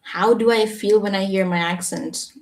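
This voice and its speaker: A woman teaching English on a live stream, explaining patiently and checking in with a quick "yeah?". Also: mid-range voice, fairly even intonation, a little mellow. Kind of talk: live Q&A reading viewer comments. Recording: echoey room, voice a bit far from the mic.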